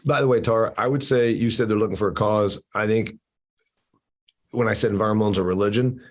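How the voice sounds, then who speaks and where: A man's voice: lowish voice, steady tone, fast talker. A man hosting an opinionated discussion over a video call, emphatic and teasing, with many restarts. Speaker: podcast host.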